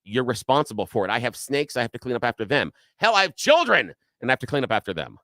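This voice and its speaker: A male radio co-host in a dry studio chatting casually and working himself up into a lively story. His voice sits in a middle register, and he switches into shouty impressions of other people as he tells it. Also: medium pitch, very fast, no room sound. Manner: animated storyteller, acts out shouting quotes. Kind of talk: casual talk radio chat.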